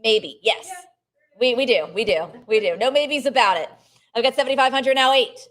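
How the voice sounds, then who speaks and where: A woman auctioneer with a notably high voice runs a live sale, rattling off bid amounts in a steady chant. She keeps urging bidders to raise once more and slips in brief remarks on the artwork between calls. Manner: brisk chanted bid calls, coaxing bidders, quick art commentary.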